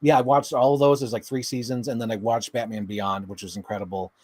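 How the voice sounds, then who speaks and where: A man co-hosts a podcast, rambling enthusiastically about shows in casual chat full of filler words. His mid-range voice has a flat delivery, a quick pace, and a darkish tone, with no echo.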